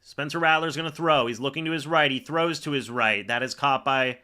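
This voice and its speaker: A man's voice: mid-range voice, a little fast, pushed and bright. A man on a live stream calling each play and ranting in angry exasperation at the referees. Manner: reads plays aloud like commentary. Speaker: sports reaction streamer.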